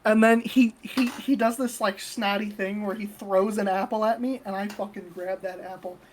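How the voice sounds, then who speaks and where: A woman's voice: mid-range voice, fairly even intonation, moderate pace, darkish tone, a little hiss or hum. A woman co-hosting a podcast, telling a story in a casual, blunt and profane way. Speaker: podcast co-host.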